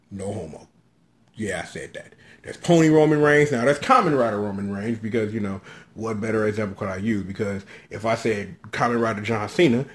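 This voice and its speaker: A man giving a casual, hyped-up episode review, joking and slangy, often leaping into high shouts. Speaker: show recap vlogger.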